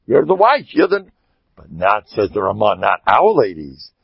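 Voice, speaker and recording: An older man speaks as a rabbi in a Yiddish-inflected English accent, spinning animated stories with jokes and sudden loud outbursts. His voice is gravelly and husky, and his pitch leaps around a lot. The recording is dull and dry, with a lo-fi sound. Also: moderate pace, no room sound. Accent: Orthodox Jewish Yiddish-inflected English. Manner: animated, joking, storytelling with sudden loud bursts. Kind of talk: informal Torah talk with stories.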